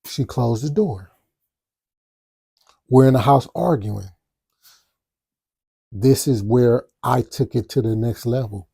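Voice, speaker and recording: A podcast host tells a personal story in a gravelly, husky voice. He is animated and adds spoken sound effects. The recording is dry and close. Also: medium pitch, takes it slowly, pauses often, no room sound. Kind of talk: casual storytelling.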